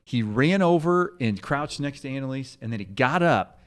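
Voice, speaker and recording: A man's voice: mid-range voice, moderate pace, clear, resonant tone. A father in a casual podcast chat, telling a family story with laughter and restarts. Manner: animated storyteller who laughs easily. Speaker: parent guest.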